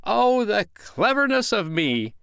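A man's voice: on the high side, wildly swooping pitch, slow, fairly bright tone, no room sound, studio quality, pitched above the performer's own voice, heavily acted. A man reading a storybook aloud, voicing a cocky, proud young boy who answers sharply and boasts. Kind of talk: storybook character voice.

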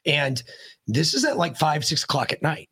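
Raspy-voiced man telling a blunt story. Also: fairly high pitch, moderate pace. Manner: profane, blunt; animated, rambling delivery. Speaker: podcast guest. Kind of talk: casual storytelling.

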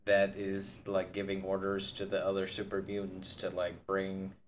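Rambling, low-voiced male podcast co-host. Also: completely flat delivery, normal speed, slight background noise. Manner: rambling, loose, peppered with "like". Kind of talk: casual podcast chat.

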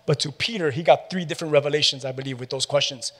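A pastor preaching a sermon with animated call-and-response questions to his congregation. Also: on the high side, fast talker, hardly any pauses. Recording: long hall reverb.

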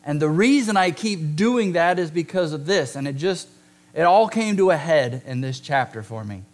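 A man's voice: on the high side, expressive. Emphatic, joking male preacher. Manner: conversational, joking asides with the congregation; emphatic, slows down to stress key words. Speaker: pastor. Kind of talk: sermon.

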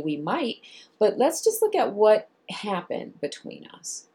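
A woman therapist explaining how she works with clients, acting out both sides of a session in lively voices. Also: mid-range voice, moderate pace, slightly rough. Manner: animated, acts out dialogue with clients. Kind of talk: explanatory talk to viewers.

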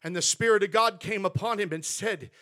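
A man with a very high voice preaches in church. He tells his sermon stories earnestly and with feeling, as a pastor speaking to his congregation. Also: brisk, pushed and bright.

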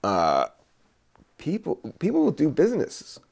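A man hosting a podcast, rambling in a relaxed, musing way with many fillers while he doodles. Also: fairly high pitch, creaky. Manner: laid-back, slow, musing with many fillers and laughs. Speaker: podcast host.

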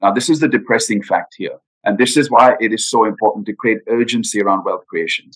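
Speaking briskly, a guest financial adviser with a fairly low but slightly bright voice discusses retirement planning in a podcast interview. The recording is low quality, and his manner is earnest and emphatic, full of rhetorical questions.

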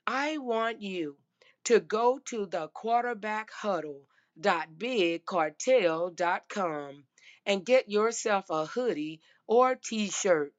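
A woman hosting a casual football talk show, emphatic and folksy, her voice going hoarse. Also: medium pitch, expressive, takes it slowly, lo-fi sound. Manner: emphatic, repeats "I'm telling you" and "baby". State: losing her voice. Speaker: sports podcast host.

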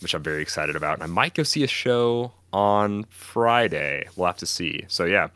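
Podcast co-host, man, low bright voice, rambling chatty delivery, dry close mic. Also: normal speed, clean tone, no room sound. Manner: rambling, animated storytelling with acted-out quotes. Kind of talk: casual chat.

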